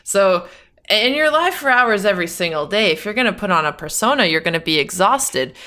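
A woman's voice: medium pitch, lively intonation, fairly quick, sharp tone. A woman streamer, a podcast guest, thoughtfully explaining her views in casual chat.

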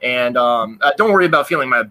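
Bright-voiced, earnest male game designer. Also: mid-range voice, animated, quick pace. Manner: earnest, thoughtful, many ums. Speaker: game designer, interview guest. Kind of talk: casual interview chat.

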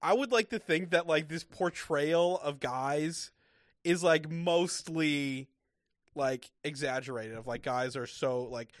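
A man's voice: fairly high pitch, takes it slowly, dry recording, studio quality. A man co-hosting a casual recap podcast, rambling with lots of restarts and fillers. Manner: rambling, many restarts and likes. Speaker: podcast co-host.

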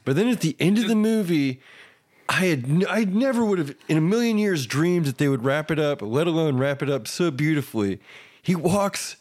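A man's voice: on the high side, lively intonation, moderate pace, darkish tone. A man hosting a podcast, animatedly retelling movie scenes in casual chat and laughing often. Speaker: podcast host.

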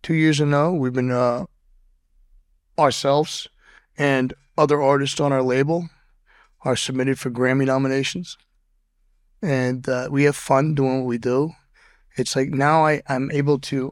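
A man in a podcast interview tells stories in a blunt, cursing way and trips over his restarts as he goes. His voice sits at a middle pitch. The sound is dry and close to the mic. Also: steady tone, measured pace, pauses often, clear, resonant tone, no echo. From Boston. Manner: profane, blunt storyteller with frequent stammered restarts. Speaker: podcast guest. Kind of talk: casual interview storytelling.

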